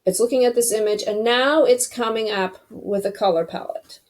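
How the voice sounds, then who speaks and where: A woman's voice: a little high, moderate pace, a little mellow. A woman hosting a casual screen-recorded web design tutorial, chatty and thinking aloud as she clicks through each step.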